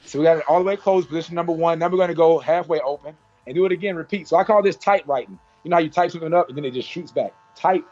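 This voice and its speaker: A man with a slightly high voice leads a hands-on haircutting class in a salon. He talks through each move with repeated cues like "watch this." The sound is dull and lo-fi. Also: rapid-fire, hardly any pauses, a little mellow. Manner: demonstrative, repetitive cues, playful sound effects. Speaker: barber educator.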